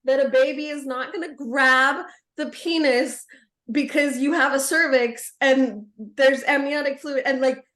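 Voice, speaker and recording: A woman chiropractor telling a frank, animated story to colleagues, laughing often. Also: sits high, a little slow, roomy sound. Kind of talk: casual storytelling among colleagues.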